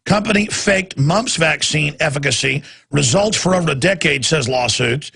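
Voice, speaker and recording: A man's voice: fairly high pitch, expressive, normal speed, bright, forceful tone. A man hosting a talk radio show, ranting through a monologue and acting out the voices he quotes. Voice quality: gravelly, raspy.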